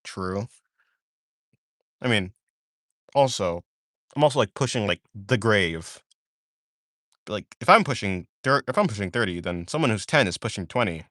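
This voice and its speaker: A man's voice: lowish voice, animated, unhurried, long pauses, a bit bright, no room sound, clean studio sound. A young man chatting casually on a live art stream while he draws, rambling and drowsy, often trailing off into mumbles.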